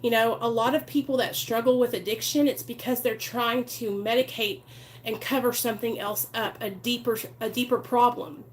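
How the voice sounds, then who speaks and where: A woman's voice: on the high side, steady tone, normal speed, slight background noise. A woman hosting a live recovery stream, talking earnestly and chattily to her viewers and greeting them by name. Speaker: recovery channel host. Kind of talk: casual live-stream talk.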